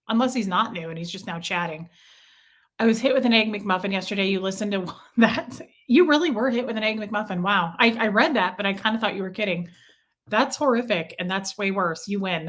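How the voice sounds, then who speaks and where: Hosting a relaxed livestream, this woman reads her chat and vents, chatty and prone to repeating herself. Her voice is medium-pitched with a fairly bright tone.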